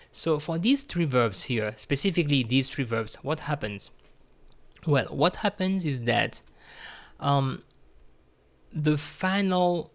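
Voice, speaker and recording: Slow, patient man teaching grammar. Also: medium pitch. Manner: slow and patient, repeating words, many fillers. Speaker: French teacher. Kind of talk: grammar lesson.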